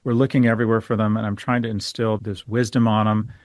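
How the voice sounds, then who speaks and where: A man's voice: fairly low pitch, flat delivery, quick pace, a little mellow, dry recording, clean studio sound. A middle-aged man, a guest on a podcast interview, speaking in a candid, opinionated way and telling stories. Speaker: guest financial expert.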